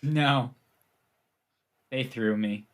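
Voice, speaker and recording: A man playing a tabletop game, cracking deadpan jokes in a relaxed, casual way. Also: medium pitch, drawn-out words. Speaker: player.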